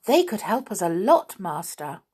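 A woman voicing an eager, simple-minded female creature who talks quickly. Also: mid-range voice, very animated, darkish tone, slightly rough.

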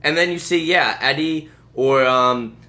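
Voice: medium pitch, a little slow, pushed and bright. A podcast co-host picking apart a movie's plot holes in casual chat.

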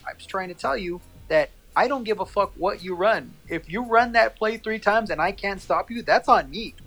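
A man in casual chat, telling a story in a profane, animated way and acting out quoted lines. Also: high voice, moderate pace, few pauses, low-quality recording.

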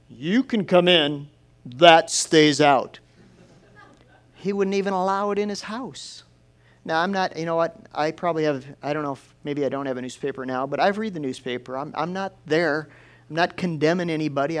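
A man preaching a sermon in a folksy, lively storytelling way. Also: fairly high pitch, smooth.

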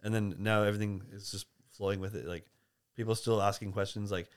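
An Australian man talks as a guest on a podcast, with lots of "like"s and restarts. His voice sits on the low side and he rattles along at a quick clip. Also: fairly even intonation, smooth. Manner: chatty, rambling with many fillers and restarts. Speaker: podcast guest, barista and coffee creator. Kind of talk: casual interview chat.

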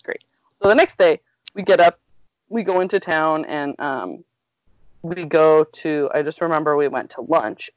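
A woman's voice: low voice, no echo. Chatty woman in her thirties, giggly storyteller, lo-fi dry mic. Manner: chatty, laughs through her words, lots of "like". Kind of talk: casual storytelling chat. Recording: dull lo-fi dry recording.

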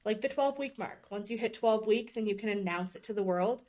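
A woman's voice: mid-range voice, a little fast, a little mellow. Woman in her 30s, earnest and emotional, telling her own story on a podcast. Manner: earnest and openly emotional, speaking candidly. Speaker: guest sharing her story. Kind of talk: personal storytelling in a podcast interview.

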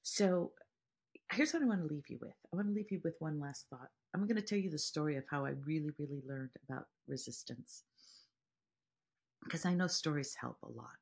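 Woman meditation teacher, low gravelly voice, earnest, lots of everyday examples. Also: brisk, a little mellow. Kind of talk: podcast teaching monologue.

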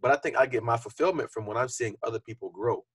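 Fast-talking husky young man, earnest. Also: mid-range voice, dry recording. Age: young adult. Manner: earnest, reflective, conversational with frequent fillers. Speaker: podcast co-host. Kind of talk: casual podcast conversation.

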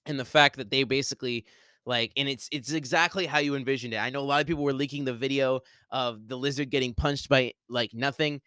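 Give me a man hosting a solo podcast, rambling excitedly in a smooth, resonant voice. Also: medium pitch, fast talker, dry recording. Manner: excited, rambling, heavy use of "like". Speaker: podcast host. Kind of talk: solo movie spoiler talk.

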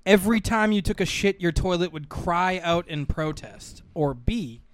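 A man's voice: high voice, animated, moderate pace, no echo. A man chatting as a guest on a studio podcast, playful and teasing. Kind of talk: casual comedic chat.

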